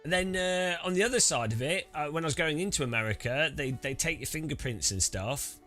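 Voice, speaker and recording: A man's voice: on the high side, expressive, a little fast, pushed and bright, faint music behind. A British man chatting casually while setting up racing gear, rambling with many restarts. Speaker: sim racing streamer.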